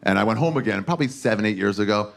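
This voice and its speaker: A man's voice: lowish voice, lively intonation, racing, creaky. A man hosting a podcast sign-off and then telling a crude, rambling stand-up story. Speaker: podcast host and comedian.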